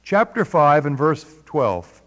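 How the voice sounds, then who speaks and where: A man's voice: fairly high pitch, sing-song, slow pace, big-room sound, muffled recording. A man teaching a Bible study in a conversational way, asking his listeners questions. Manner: conversational, asks the audience questions. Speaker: preacher.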